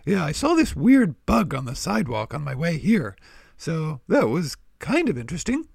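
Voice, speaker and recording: A friendly young male cow, with a high, bouncy voice that jumps around a lot. There is a light rasp in it, and he asks his questions in an eager, easygoing way. The sound is close and dry. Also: huge pitch swings, normal speed, a little mellow, no room sound, exaggerated voice. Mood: curious. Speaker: co-host puppet character.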